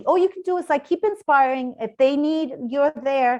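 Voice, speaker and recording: A woman mentor and coach speaking candidly as an interview guest, often dropping to a soft, low voice. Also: fast talker. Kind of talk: casual interview chat.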